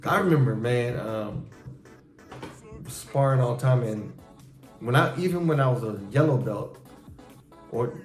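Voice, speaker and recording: Middle-aged guy host, animated swearing storytime, roomy echo, bit of music behind. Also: mid-range voice, a little slow, pauses often. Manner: animated, profane storytelling, acting out his own past reactions. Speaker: show host talking with his son. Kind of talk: casual storytelling chat. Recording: echoey room with faint music.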